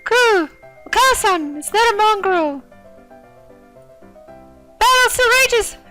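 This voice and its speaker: Woman doing a shrill squawking pigeon boy. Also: expressive, slow pace, sharp tone, soft background music, full character voice. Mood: indignant. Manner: squawking, high girlish voice. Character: shrill excitable male pigeon schoolboy.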